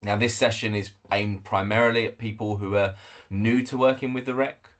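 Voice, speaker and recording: A man, head of communications, presenting a webinar over a video call, measured, with many fillers and restarts. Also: lowish voice, steady tone.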